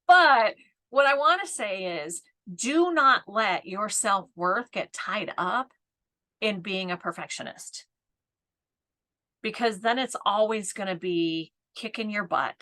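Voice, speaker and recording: A woman's voice: medium pitch, animated, unhurried, pushed and bright. A woman in her fifties giving a casual live coaching talk, laughing often and tagging her points with "right?". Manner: chatty, laughs often, keeps asking "right?". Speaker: business coach.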